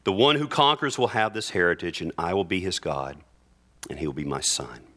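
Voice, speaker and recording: A male pastor preaching earnestly in church, reading scripture aloud with slow, emphatic phrases. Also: low voice, sharp tone. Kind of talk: sermon.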